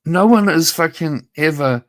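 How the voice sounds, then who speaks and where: With a slightly high voice, lively intonation, and a measured pace, a male YouTube livestreamer rants directly at a rival. He's needling and profane, confronting the other man and circling back to the same points.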